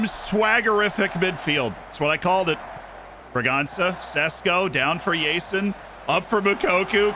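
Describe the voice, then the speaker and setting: A young man streaming himself playing a football management game, muttering asides and then shouting with delight when his team scores. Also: high voice, unhurried, crowd noise, background noise. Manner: excitable, swings from mumbled asides to shouting at goals. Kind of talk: live gameplay commentary.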